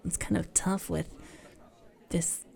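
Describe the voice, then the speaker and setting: Low, gravelly woman in whispered role-play. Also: level tone, takes it slowly, warm tone. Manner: flustered, breathy, teasing.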